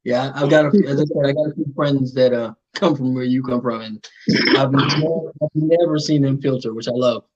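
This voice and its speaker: A man's voice: mid-range voice, fairly even intonation, brisk, a little mellow, slightly rough, muffled recording. A man hosting a casual interview show, playful and joking, often repeating his words. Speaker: host.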